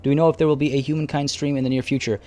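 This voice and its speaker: A man's voice: a little high, little pitch movement, racing, dark tone. A man streaming a strategy game, talking casually to his chat as he plays. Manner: chatty, thinking aloud and answering chat. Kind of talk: casual live-stream commentary.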